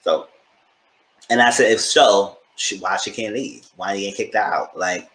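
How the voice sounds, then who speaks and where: A man giving a casual, opinionated recap of a reality TV episode, acting out what the cast said in quick high voices. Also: a bit bright. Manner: chatty, opinionated, acts out quotes in high voices. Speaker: TV show reviewer. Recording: echoey room.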